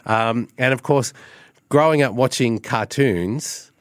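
An Australian man, a radio program director and voiceover artist, chatting casually in an interview and explaining his craft with relaxed pauses. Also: medium pitch, dry recording, clean studio sound.

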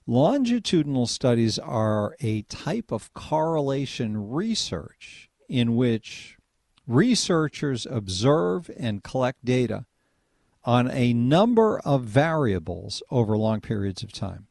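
A man hosting a call-in radio talk show, chatting with callers and thinking out loud. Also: mid-range voice, very animated, slow pace, creaky, dry recording, studio quality. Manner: conversational, chatty, muses aloud.

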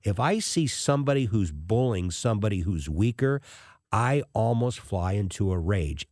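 A man hosting a talk radio show, telling a personal story in an animated way and acting out the people he quotes. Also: low-pitched, no echo, clean studio sound.

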